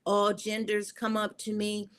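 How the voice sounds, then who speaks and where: An earnest woman speaking as an interview guest, her voice pitched in an ordinary middle range. She tells her stories with feeling, pausing on fillers as she gathers her thoughts. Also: completely flat delivery, clear, resonant tone. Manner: earnest, emotional, halting with fillers. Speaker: guest, poet and filmmaker. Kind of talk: storytelling interview talk.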